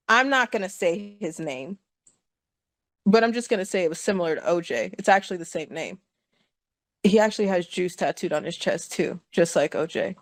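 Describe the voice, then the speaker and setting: A woman's voice: medium pitch, dry recording. A woman telling a personal story to her listeners, chatty and laughing often and checking in with them. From California.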